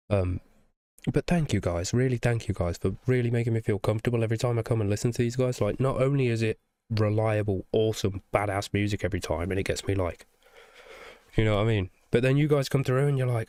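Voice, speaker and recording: A man's voice: mid-range voice, brisk, a little mellow, no room sound, studio quality. A young man with a nasal, congested voice from the flu, chatting casually and enthusiastically in a rambling reaction. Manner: rambling, swearing, enthusiastic, fond of "you know what I mean?". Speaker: music reaction YouTuber.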